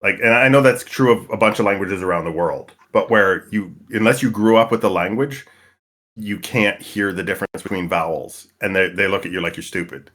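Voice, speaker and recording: Low-ish guy rambling in a tabletop game chat, lots of ums and restarts. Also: a little fast, a bit bright. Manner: rambling, many restarts and fillers. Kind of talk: casual chat.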